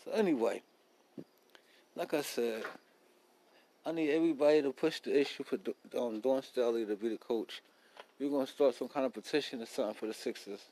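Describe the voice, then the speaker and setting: A man talks through a solo podcast in a loose, rambling way. His street talk is blunt and full of profanity. His voice sits at an ordinary middle pitch for a man. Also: a little fast, pauses often, dark tone, poor audio. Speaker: podcast host. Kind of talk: casual solo podcast monologue.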